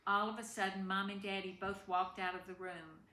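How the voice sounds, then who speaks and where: A woman's voice: medium pitch, flat delivery, a little fast, pushed and bright. A woman reading a family memoir aloud in a tender, emotional way. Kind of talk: reading a personal story aloud. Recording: echoey room with faint background noise.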